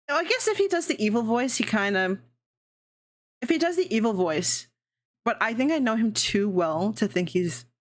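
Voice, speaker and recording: A woman streamer in casual live-stream chat, rambling, swearing and laughing often, her pitch jumping around.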